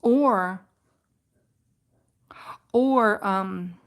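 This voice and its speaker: A woman vlogger telling a rambling story on a live stream, animated and laughing often. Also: medium pitch, very slow.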